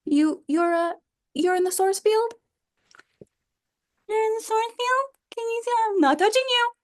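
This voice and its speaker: A woman voicing a taunting adult who pesters and goads a calm person in a mocking, sing-song way. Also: very high-pitched, a little slow, voice pushed up.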